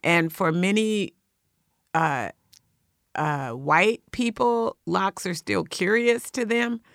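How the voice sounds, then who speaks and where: A woman's voice: mid-range voice, takes it slowly, creaky, dry recording, studio quality. A woman co-hosting a casual talk show, telling a story with dramatic flair. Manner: animated, dramatic storyteller with loud acted outbursts. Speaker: podcast co-host.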